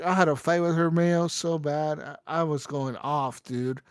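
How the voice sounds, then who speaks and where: A young adult man, a podcast co-host, telling a story in casual, profane, animated chat. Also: fairly high pitch, normal speed, hardly any pauses, smooth, no room sound, studio quality.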